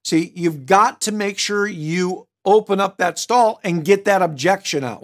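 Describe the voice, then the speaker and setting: In a recorded sales training seminar, a middle-aged man with a high voice teaches in an animated, slightly slow way with few pauses. He is direct and emphatic, tosses in punchy asides, and shifts his tone to act out customers.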